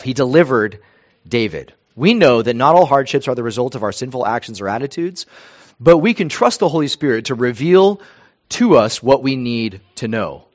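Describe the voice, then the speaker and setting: A man's voice: mid-range voice, big pitch swings, normal speed, highs cut off. A man preaching a sermon in an earnest, emphatic way, repeating phrases for weight.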